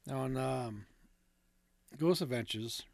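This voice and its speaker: A man in a relaxed podcast chat, reading ghost stories off his notes and dropping in fillers and little asides. His pitch sits in the middle, and the sound is dry and close, with no room around it. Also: takes it slowly, vocal fry, dry recording. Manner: laid-back, reads notes with fillers and asides. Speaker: podcast co-host.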